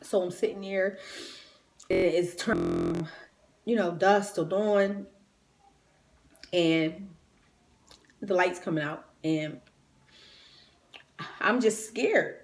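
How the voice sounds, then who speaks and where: A woman's voice: on the low side, huge pitch swings, drawn-out words, long pauses, a little hiss or hum. A woman retelling a personal story in a raw, emotional, conversational way, grieving and near tears. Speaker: vlogger.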